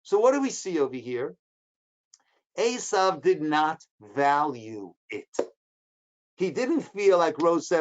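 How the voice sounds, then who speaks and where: A man's voice: fairly high pitch, expressive, dull audio. A man, a rabbi, teaching a Torah class, explaining the text line by line, asking questions and answering them, and acting out the speakers in short quoted bits. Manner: acts out the speakers with quick dramatic quotes.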